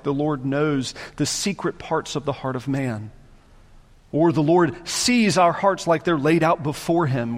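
Emphatic male preacher in a reverberant hall. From Southern United States. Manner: emphatic, repeats phrases for force, drops to quiet low tones. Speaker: pastor. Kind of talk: sermon.

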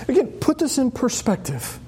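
High-voiced animated male preacher. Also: moderate pace, slight background noise. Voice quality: high tenor voice. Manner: animated, acting out voices with sudden high squeals. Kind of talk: expository sermon.

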